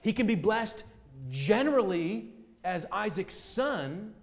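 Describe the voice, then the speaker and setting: A man's voice: high voice, sing-song, takes it slowly, gravelly. A man preaching a sermon in an earnest, emphatic way, acting out the scripture he quotes. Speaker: pastor.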